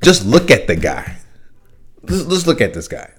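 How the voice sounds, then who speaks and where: A man's voice: mid-range voice, very animated, normal speed, slightly rough. A young man hosting a solo podcast, ranting with profanity, frequent restarts and bursts of laughter. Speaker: podcast host.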